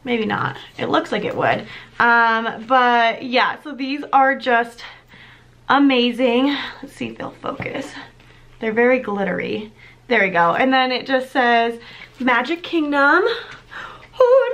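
A young woman recording a casual unboxing vlog, excitable and chatty, with lots of ums and little gasps. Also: a little high, unhurried, slight background noise. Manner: bubbly and excitable, many ums. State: slightly out of breath. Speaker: vlogger.

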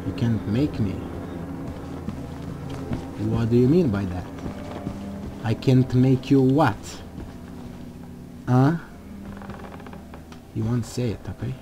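Slow-talking excitable male gamer. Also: medium pitch, background noise. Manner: excitable, jumpy, swears at scares. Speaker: gaming channel host. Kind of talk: let's play commentary.

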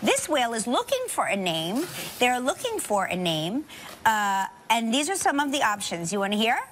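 A woman talk show host chatting casually and telling stories in an animated way before a live studio audience. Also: a little high, normal speed, a little hiss or hum. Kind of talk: casual chat.

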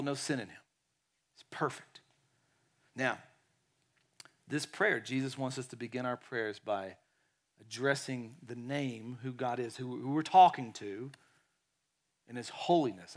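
A man preaching a sermon in a lively way, acting out quotes and dropping to quiet tones. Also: medium pitch, moderate pace, pauses often. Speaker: pastor.

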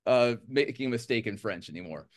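A man's voice: mid-range voice, lively intonation, brisk. A man from the United States, a musician guest, chatting casually in an interview with a rambling, joking, self-deprecating manner.

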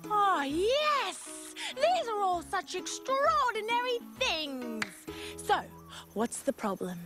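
A performer voicing a wise elephant of the forest, slow and drawn-out. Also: very high voice, big pitch swings, over music, exaggerated voice. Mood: grand.

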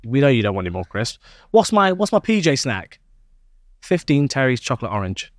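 Young male podcast co-host, animated and high-ish, playful storyteller, dry close sound. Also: brisk, no echo. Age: young adult. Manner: playful storytelling, lively swings in pitch. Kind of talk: comic casual chat.

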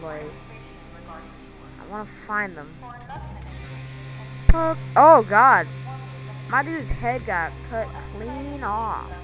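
A woman's voice: medium pitch, low-quality recording. A woman commenting as she plays a game, jokey and nervous, often repeating herself. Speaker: gamer. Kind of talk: let's play commentary.

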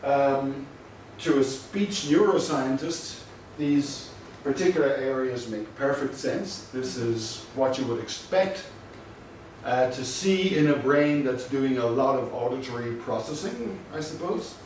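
A male lecturer giving a university lecture, measured and explanatory, stressing his key points. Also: mid-range voice, lively intonation, a little mellow. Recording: very echoey room from a distant mic with faint noise.

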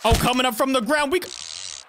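A host commenting on a cartoon in an animated, incredulous way, often stopping to replay a scene. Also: high voice, moderate pace, slight background noise. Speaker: reaction video host. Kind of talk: comedic cartoon reaction commentary. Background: music from the cartoon being watched.

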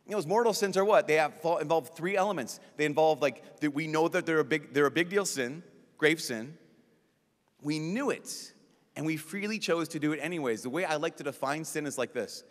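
A priest giving a lively, joking talk at a youth conference, acting out quick voices as he goes. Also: fairly high pitch. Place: large conference hall. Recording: long reverb of a large hall.

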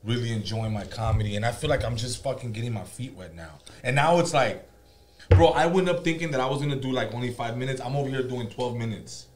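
A comedian from the San Fernando Valley telling a profane, animated story in casual podcast chat, dropping Spanish slang. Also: male voice, mid-range voice, quick pace. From San Fernando Valley, Los Angeles. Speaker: comedian guest.

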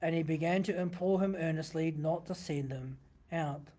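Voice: medium pitch, moderate pace, warm tone. A pastor giving a sermon, teaching conversationally from a printed text and often asking the listeners rhetorical questions.

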